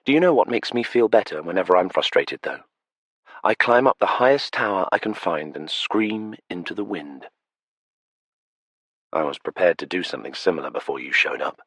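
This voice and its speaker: A man's voice: animated, normal speed, fairly bright tone, husky, no echo, heavily acted. A man voicing a playful, spirited young vampire noblewoman in an audiobook, lilting and teasing. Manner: lilting, teasing, raised pitch. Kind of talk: audiobook character voice. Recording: dry close studio sound.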